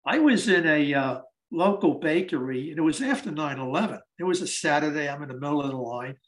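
A man in his eighties tells stories as a guest speaker at a library event. His voice sits a little high. He talks conversationally and acts out the dialogue as he goes. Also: lively intonation, fairly quick, rough recording. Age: 80s. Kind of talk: storytelling talk.

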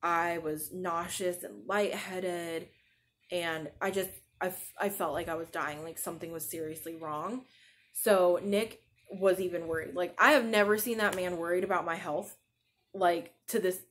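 A woman's voice: lowish voice, fairly even intonation, measured pace, fairly bright tone. A woman in her thirties hosting a podcast, chatting casually and rambling with lots of "like," sleep-deprived as a new mother. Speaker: podcast host. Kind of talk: casual chat.

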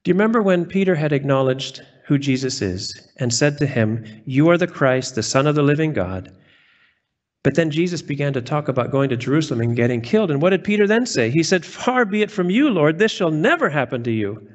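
Earnest preaching pastor, fairly high voice. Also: male voice, lively intonation, a little fast, highs cut off. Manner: earnest preaching, reads scripture and quotes with emphasis. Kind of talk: sermon.

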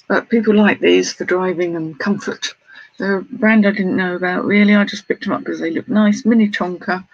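With a high voice and a breathy edge, a British man greets his viewers self-deprecatingly and shows off his sales as an online reseller. It's a casual vlog in slightly dull lo-fi sound with faint noise and no echo.

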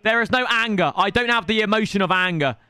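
A man's voice: high voice, background noise. A man, commentating his own game on a live stream in an exasperated, ranting way.

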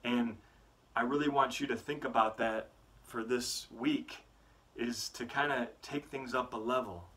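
A man, a youth motivational speaker, giving a weekly faith talk to students with animated, earnest storytelling. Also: mid-range voice, unhurried.

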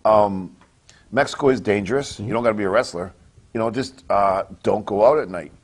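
A lowish-voiced man from Canada answering interview questions in a blunt, casual way. He swears nearly every sentence and stumbles through restarts, never polished. The delivery stays loose and unscripted. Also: a little fast. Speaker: wrestler guest. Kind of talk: casual profane interview talk.

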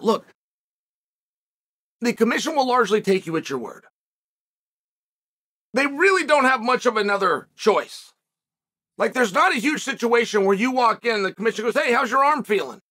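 A man's voice: sits high, lively intonation, moderate pace, pauses often, sharp tone. A man hosting an opinionated commentary monologue, speaking in an emphatic, argumentative way with sarcastic asides. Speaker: host.

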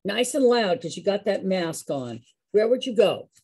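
A woman's voice: mid-range voice, very animated, normal speed, darkish tone, slightly rough. A woman leading a live singing and movement class, upbeat and coaxing as she calls on people by name.

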